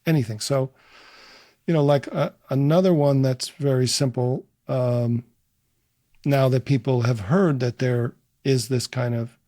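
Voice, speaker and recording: A man who teaches meditation, guiding listeners through a practice in soft, unhurried, searching phrases. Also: mid-range voice, dry recording, clean studio sound. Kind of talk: guided meditation and explanation.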